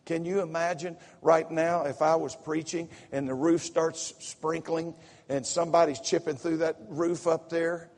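A man preaching a sermon in a folksy, excitable way, full of repetitions and asides, with a slight Southern accent. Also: fairly high pitch, unhurried. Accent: Southern US, slipping in from home visit. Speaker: pastor. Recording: echoey sanctuary reverb.

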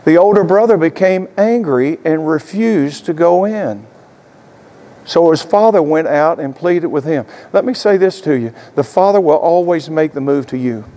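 A male pastor delivers a sermon in a voice pitched high for a man. He tells the story dramatically, swinging from quiet, intimate moments to louder emphasis. His words trail off into a long reverb, as in a large hall. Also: animated, normal speed. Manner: dramatic storytelling, swinging between loud and hushed.

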